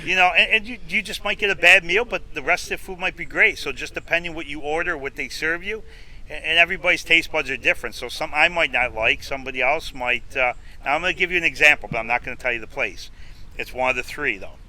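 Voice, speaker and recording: Middle-aged man from New York, guest storyteller, punchy bright voice, slightly higher pitch. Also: quick pace. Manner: animated storyteller who acts out quoted dialogue. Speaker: food reviewer guest. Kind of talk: casual interview storytelling.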